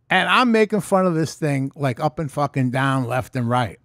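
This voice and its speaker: Man, animated and swearing a lot, talking straight into a close mic, dry sound. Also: fairly high pitch, moderate pace, hardly any pauses, dry recording. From New York. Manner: profane, animated storytelling. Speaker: vlogger. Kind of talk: casual storytelling vlog. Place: room at home. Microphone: close mic in front.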